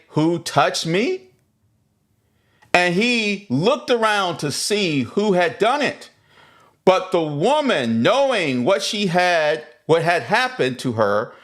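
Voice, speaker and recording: A man's voice: high voice, fairly bright tone. A man leading a livestreamed Bible study who reads scripture aloud and then explains it, stressing key points again and again. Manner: greets viewers in the chat mid-lesson. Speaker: Bible teacher.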